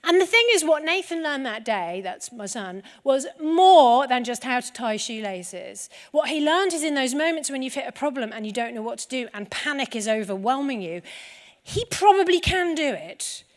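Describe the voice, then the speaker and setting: A woman with a high voice gives a talk to a live audience. She tells stories in a lively way, and her voice rings out with a long echo in a large hall. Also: moderate pace. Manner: lively storytelling. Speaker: conference speaker.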